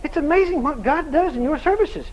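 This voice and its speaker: A man preaching, telling a story with lively dialogue and loud shouted prayers. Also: very high voice, brisk, dull audio. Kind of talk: sermon storytelling.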